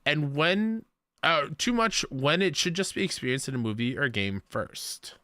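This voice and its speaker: Bright lively man co-hosting a podcast. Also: on the high side, normal speed, dry recording. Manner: laughs often, reads letters aloud. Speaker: podcast co-host reading listener mail. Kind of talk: casual chat.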